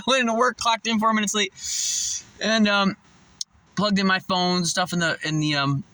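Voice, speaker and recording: A man's voice: sits high, slow pace, pauses often, pushed and bright, no echo, rough recording. A man telling a rambling, profane story to his phone camera outdoors, laughing and restarting often. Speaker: vlogger.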